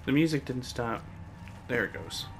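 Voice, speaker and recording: A man's voice: mid-range voice, very animated, normal speed. A man giving joking, sarcastic commentary while playing a game, swearing often, over a noisy background. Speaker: let's play gamer. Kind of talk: gameplay commentary.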